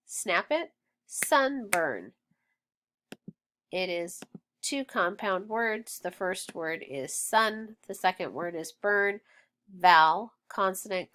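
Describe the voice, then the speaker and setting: A woman teaching phonics, who sounds out words slowly and patiently and praises the learner. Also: on the low side, a bit bright. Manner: patient, encouraging, stretches sounds out. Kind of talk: slow, clear phonics drill.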